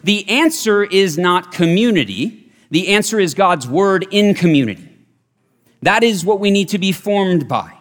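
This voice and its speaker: A man's voice: high-pitched, expressive, a little slow. A man preaching a sermon, earnest and emphatic, often repeating his key phrases. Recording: long reverb of a large hall.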